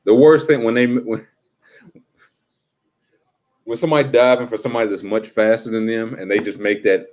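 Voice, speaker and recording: A man with a lowish voice and a darkish tone chats casually with his livestream viewers, joking around and slipping into quick impressions.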